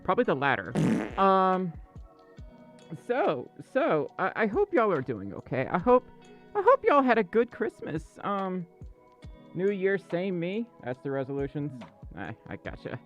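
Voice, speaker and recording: Flustered, stammering man with a lively voice. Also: high voice, measured pace, dull audio, faint music behind. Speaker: livestream host. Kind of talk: casual livestream chat. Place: dark room indoors.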